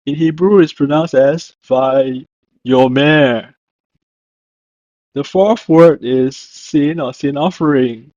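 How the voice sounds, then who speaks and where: A man teaching a language lesson, speaking slowly and deliberately and repeating each word to show how it is pronounced. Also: on the high side, mellow, dry recording. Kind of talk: slow instructional narration. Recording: dull lo-fi dry voice-over.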